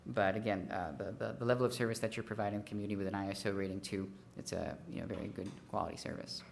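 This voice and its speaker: A consultant presents a fee study to a city council in a formal, methodical talk packed with figures, often stumbling over fillers and restarting sentences. His voice is fairly low, steady, and gravelly, and he speaks very fast over a faint hiss or hum.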